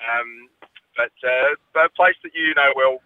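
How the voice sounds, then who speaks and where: A man's voice: medium pitch, measured pace. A man calling in to a radio show, chatting casually with lots of fillers and laughs. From South Australia. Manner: chatty, hesitant with many fillers, laughs often. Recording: tinny phone-line radio sound.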